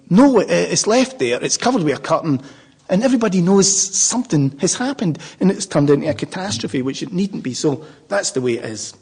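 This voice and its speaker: A man's voice: on the high side, a little mellow, slightly rough. An older man with a Glaswegian Scottish accent, a Buddhist speaker telling a rambling, humorous story to a live audience.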